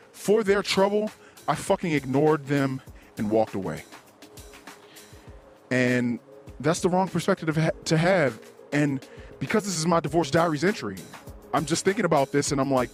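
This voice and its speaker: A man's voice: on the high side, expressive, normal speed, soft background music. A middle-aged man hosting a solo podcast, talking in an introspective, rambling and profane way, with frequent restarts. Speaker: podcast host. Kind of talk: solo confessional podcast monologue.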